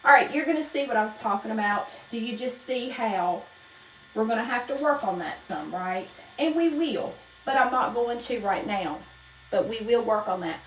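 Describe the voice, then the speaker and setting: A woman from North Carolina with a Southern accent chats casually while teaching wreath making on a live stream from her home craft room, greeting viewers by name. Her voice is fairly high, expressive, and fairly bright at a moderate pace, in a low-quality recording with slight hiss or hum.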